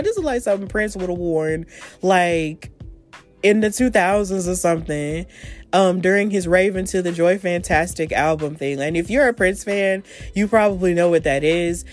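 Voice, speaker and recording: A woman hosting a solo wrestling podcast, recapping events in a casual, excitable storytelling manner full of slang. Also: medium pitch. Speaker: podcast host.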